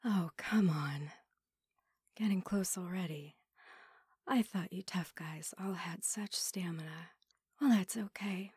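A woman's voice: fairly low pitch, a little mellow, no room sound, studio quality, full character voice. A woman voicing a teasing android in whispered role-play. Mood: seductive. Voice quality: breathy whisper. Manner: teasing, playful, slow and intimate. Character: flirtatious teasing female android, new to feelings.

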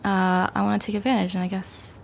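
A woman chatting casually on a podcast, rambling and prone to giggles. Her voice has a gravelly fry running through it, and she sits at a middle pitch for a woman. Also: level tone, fairly quick, slight background noise. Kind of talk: casual chat.

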